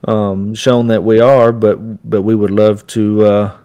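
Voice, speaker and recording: A man's voice: on the low side, flat delivery, warm tone, clear, resonant tone, lo-fi sound. A man with a Texan accent co-hosting a podcast, talking casually with frequent restarts and a joking tone. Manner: halting, many restarts, joking. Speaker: podcast co-host.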